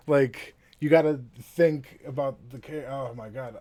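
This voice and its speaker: A man's voice: mid-range voice, takes it slowly, darkish tone, slight background noise. A man playing a tabletop game who talks casually, rambling, swearing and laughing between restarts. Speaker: player.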